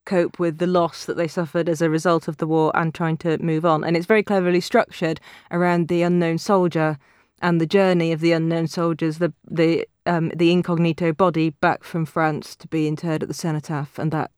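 A woman reviews a novel on a radio show with fluent enthusiasm. Her voice is smooth and clear. The studio sound is dry. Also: deep voice, flat delivery, fairly quick, darkish tone, no room sound. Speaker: book trade editor guest.

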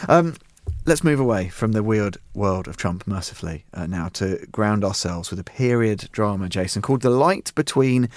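A man's voice: on the low side, animated, moderate pace, hardly any pauses, no echo. Wry male radio presenter. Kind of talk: radio arts show presenting.

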